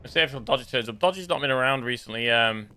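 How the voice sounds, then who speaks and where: A man giving casual running commentary while playing a shooter game, muttering to himself and reacting quickly. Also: medium pitch, bright, forceful tone, clear, resonant tone. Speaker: gaming streamer. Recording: faint gunfire under voice.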